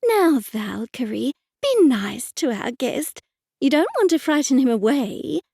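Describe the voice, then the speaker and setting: A woman voicing a measured older aunt who gently scolds and smooths things over, in an audiobook. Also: sits high, sing-song, dry recording, clean studio sound, full character voice. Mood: placating.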